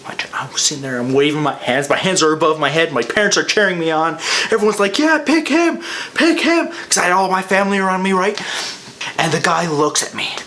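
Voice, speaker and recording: A young man telling a funny personal story, jumping from excited yelps to hushed whispers. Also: on the high side, fast, slight background noise.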